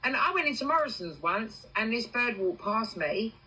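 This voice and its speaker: An English woman on a casual livestream, telling a personal story in animated bursts and swearing freely. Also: on the high side, normal speed, slightly rough, poor audio. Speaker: TikTok livestreamer.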